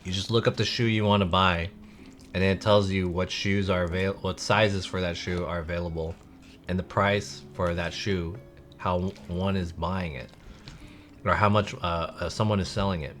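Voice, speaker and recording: A man's voice: low voice, fairly even intonation, moderate pace, fairly bright tone, faint music behind. A man live-streaming and chatting casually with viewers, rambling with many "like" fillers.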